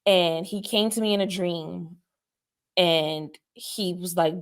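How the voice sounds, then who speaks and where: A woman's voice: lowish voice, takes it slowly. A woman guest on a podcast, candidly telling her own story in a reflective, hesitant way with many fillers and restarts.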